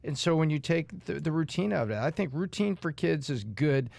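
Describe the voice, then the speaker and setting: Male co-host, slightly raised pitch, gravelly, earnest explaining, dry sound. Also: expressive, moderate pace, darkish tone, dry recording. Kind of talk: casual chat.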